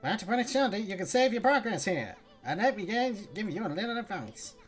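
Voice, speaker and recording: A woman's voice: mid-range voice, very animated, fairly quick, soft background music, voice pushed up, close to an everyday voice. A woman voicing a brash, chatty little male sidekick from a game, reading the on-screen lines aloud in a perky put-on voice. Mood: know-it-all.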